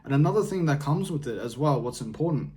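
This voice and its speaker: A man's voice: medium pitch, lively intonation, fast, warm tone. A young man vlogging casual advice in a laid-back, rambling way, peppering his talk with slang. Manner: rambling, often trails off and restarts.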